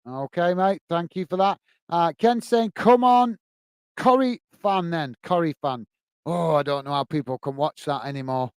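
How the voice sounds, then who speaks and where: A man's voice: on the high side, moderate pace, a little mellow, smooth, no echo. A man hosting a live football watch-along, chatting casually between match commentary and reading viewers' messages, with rambling self-corrections and a friendly "mate" manner.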